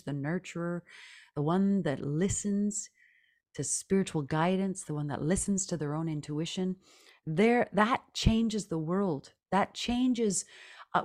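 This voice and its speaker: Low-voiced woman guest, earnest. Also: darkish tone. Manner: earnest, reflective, laughs often. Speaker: podcast guest, singer. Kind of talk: casual interview talk.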